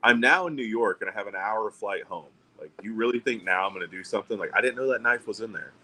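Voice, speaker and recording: A middle-aged man with a slightly low voice spins casual, profane stories. He is wry and acts out each person in the tale in quick bursts. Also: pushed and bright, slight background noise, poor audio. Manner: profane, wry anecdotes with acted-out quotes. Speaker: podcast co-host. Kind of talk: casual storytelling chat.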